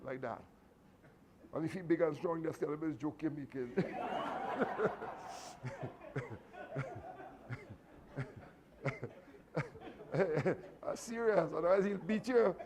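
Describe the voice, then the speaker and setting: Trinidadian male instructor, raised voice, chatty storyteller, faint background noise. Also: fairly high pitch. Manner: animated, chatty, laughing asides. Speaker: martial arts instructor. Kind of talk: storytelling speech to a class.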